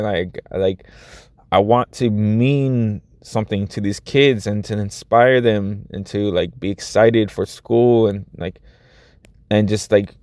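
Speaking to his audience in a laid-back vlog, this thirty-something after-school teacher rambles earnestly and keeps restarting his sentences. The recording is studio quality with no echo, capturing a lowish, somewhat dark voice.

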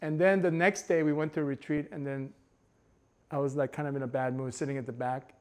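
A young adult man preaching a sermon, telling a personal story in an expressive way that swings between hushed and emphatic. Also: mid-range voice, brisk. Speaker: pastor.

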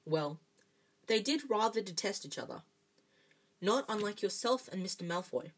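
A woman voicing an elderly male headmaster wizard, whimsical and dreamy, in a gentle musing manner. It is a read-aloud storybook voice. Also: medium pitch, expressive, moderate pace, husky.

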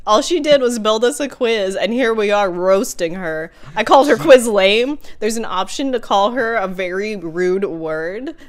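A woman's voice: medium pitch, measured pace, hardly any pauses. A young woman co-hosting a podcast, chatting casually and giggling as she reads a quiz aloud. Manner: giggly, animated, teasing. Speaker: podcast co-host.

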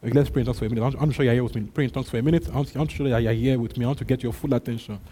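A man's voice: mid-range voice, fairly even intonation, rapid-fire, mellow. A male pastor preaching a sermon, emphatic and repetitive, calling out to his congregation. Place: church. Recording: long hall reverb.

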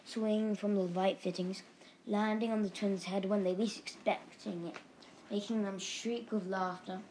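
A woman reads a children's storybook aloud in a lively, expressive voice of middle pitch. A faint hiss runs under the recording. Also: normal speed, low-quality recording. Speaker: narrator. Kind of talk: storybook reading.

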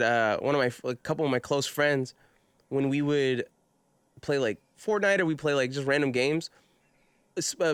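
A man's voice: a little high, clean tone, dry recording. A young man hosting a podcast, chatting casually, rambling with lots of "like" and frequent swearing. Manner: rambling, heavy use of "like", swears freely. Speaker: podcast host. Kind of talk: casual chat.

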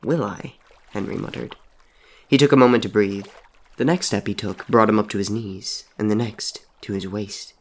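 A man narrates a story in a low-pitched, measured voice. He keeps his reading even and often drops to a soft delivery.

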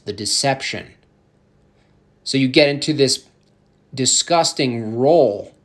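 A man ranting provocatively in a casual comedic podcast style, rambling with halting restarts. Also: mid-range voice.

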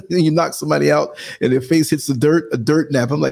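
Gravelly New York man in his sixties. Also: fairly quick. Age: 60s. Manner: animated storyteller, acts out quotes in a higher voice, laughs often. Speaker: live show host. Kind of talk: casual live-stream chat.

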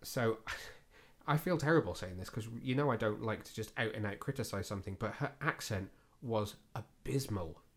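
A man's voice: fairly low pitch, normal speed, few pauses. Chatty man hosting a podcast. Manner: chatty, self-deprecating, with frequent fillers. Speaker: podcast host. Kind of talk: casual film review chat.

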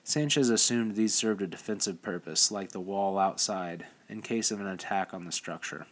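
A low-pitched man narrates an audiobook, reading scripted narration in a steady, measured style.

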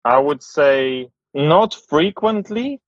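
A man from post-Soviet Europe, hosting a casual podcast chat in a blunt, relaxed way and swearing freely. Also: fairly high pitch, slow pace, dry recording. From post-Soviet Eastern Europe. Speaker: podcast host. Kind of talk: casual conversation. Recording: slightly dull, dry sound.

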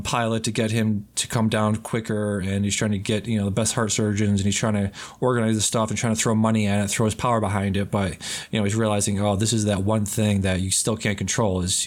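A man with a fairly low voice hosts a film and TV podcast in a loose, rambling way. He swears freely and chats casually. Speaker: podcast host. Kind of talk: casual chat.

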